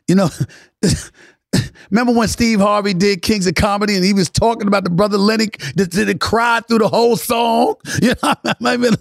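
A man hosting a podcast in a casual monologue, emphatic, swinging between loud preaching and low murmurs, now and then singing bits of old soul songs. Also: no echo, clean studio sound. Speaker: podcast host.

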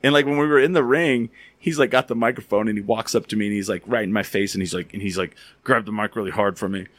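A man with a lowish voice hosts a casual chat and rambles through stories with constant "like"s. He sounds animated and loose. His voice is recorded dry and close. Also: fast, no room sound. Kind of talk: casual storytelling and interviewing.

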